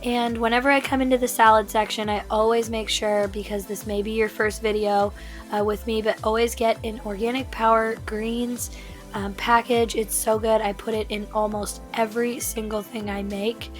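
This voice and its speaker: A woman with a raspy voice from laryngitis, chatting through a casual shopping vlog voiceover with lots of fillers. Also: fairly high pitch, flat delivery, normal speed, soft background music. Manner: chatty, enthusiastic, many fillers. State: hoarse from laryngitis. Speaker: vlogger.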